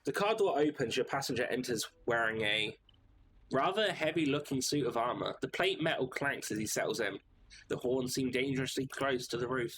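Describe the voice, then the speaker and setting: A man's voice: medium pitch, moderate pace, noisy background. Man reading a story game aloud. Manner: reads game text, chats casually between. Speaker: streamer.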